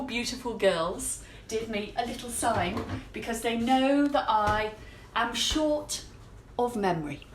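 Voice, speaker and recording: Woman, high voice, chatty live-stream host, upbeat, echoey kitchen, faint background noise. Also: a bit bright. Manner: chatty and upbeat, addresses viewers by name. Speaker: host of a live cleaning-product show. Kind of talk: casual live-stream chat. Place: home kitchen.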